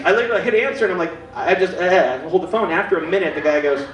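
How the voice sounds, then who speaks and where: A man's voice: sits high, quick pace, hardly any pauses, reverberant, distant mic, a little hiss or hum, low-quality recording. A man in his forties doing a stand-up comedy set, self-deprecating and acting out other people's voices. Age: 40s. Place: comedy club stage. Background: audience laughter.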